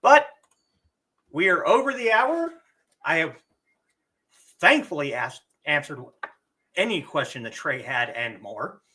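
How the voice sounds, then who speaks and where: Casual livestream teacher: unhurried, animated, bright-voiced, slightly hoarse, keeps clearing their throat. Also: medium pitch. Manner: slow and deliberate, clears throat often. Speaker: livestream host.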